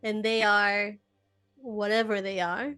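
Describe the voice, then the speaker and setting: A woman's voice: medium pitch, little pitch movement, slow, sharp tone, clear, resonant tone, soft background music. A woman playing a tabletop game, talking in a rambling, filler-heavy way. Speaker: player. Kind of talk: tabletop game play, casual chat.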